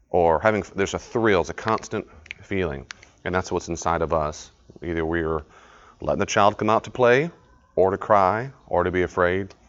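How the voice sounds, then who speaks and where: Male study leader, lowish voice, chatty teaching style with plenty of repetition, dull lo-fi live recording. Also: a bit bright. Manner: conversational, repeats words, asks the group questions.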